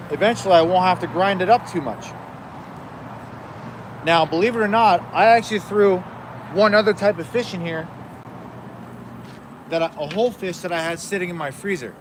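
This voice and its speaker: A man's voice: sits high, background noise. A man chatting casually on a live stream, rambling and joking and cutting himself off mid-sentence. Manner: rambling, joking, many self-interruptions. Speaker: livestreamer.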